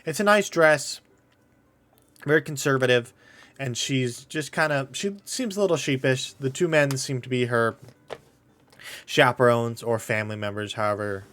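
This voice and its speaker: A man narrates a tabletop game as game master, easygoing and a bit halting. He speaks into a desk microphone at a middle pitch. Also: fairly bright tone. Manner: casual, hesitant narration with fillers.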